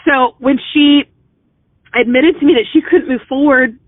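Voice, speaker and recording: A middle-aged woman speaks in a high, bright register, earnest and encouraging, as if coaching a team of consultants. She talks conversationally, with "you know" and "um" sprinkled in. The sound is thin and phone-like, with no room around it. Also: moderate pace, dry recording. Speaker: business mentor speaking to consultants. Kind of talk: motivational talk.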